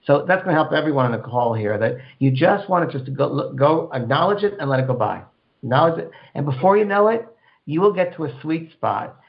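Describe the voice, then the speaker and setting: A man's voice: a little high, lively intonation, fairly quick, creaky. Rambling spiritual radio host, a man. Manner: rambling, repeats words, acts out inner voices. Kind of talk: call-in radio advice. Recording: dull lo-fi radio sound.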